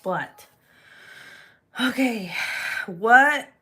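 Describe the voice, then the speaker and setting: A woman's voice: a little high, lively intonation, drawn-out words, pushed and bright, breathy edge. A woman chatting casually at home while making polymer clay pieces, candid and profane, often laughing. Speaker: polymer clay crafter vlogger. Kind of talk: casual chat while crafting.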